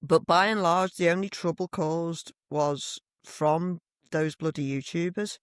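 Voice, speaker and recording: A middle-aged woman, co-hosting a podcast and telling stories in a blunt, animated way with plenty of swearing. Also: fairly low pitch, unhurried, smooth, no echo, studio quality. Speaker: podcast co-host. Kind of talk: casual chat. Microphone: desk microphone.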